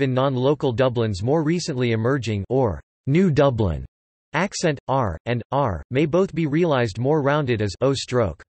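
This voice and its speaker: A man's voice: medium pitch, no echo. Synthetic male voice reading an article. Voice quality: flat, machine-like delivery with odd pronunciations. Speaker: text-to-speech reader.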